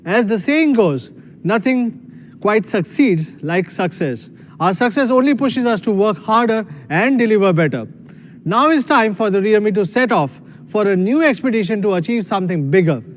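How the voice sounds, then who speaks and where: A man's voice: high-pitched, animated, normal speed, slight background noise. A man giving a proud, emphatic scripted keynote as a company executive.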